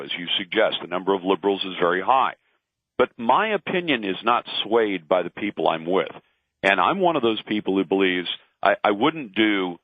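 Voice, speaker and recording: A man's voice: low voice, dry recording. A middle-aged man giving opinionated talk radio commentary, emphatic and argumentative, acting out the voices he quotes. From Pacific Northwest, lives in Portland. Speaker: radio talk host, guest. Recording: dry, tinny phone line.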